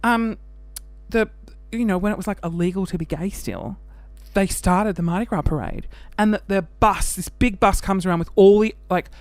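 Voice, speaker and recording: Here an Australian man with a high voice and no echo hosts his own podcast. The talk is casual and chatty, animated and camp, with laughter and sudden mock voices.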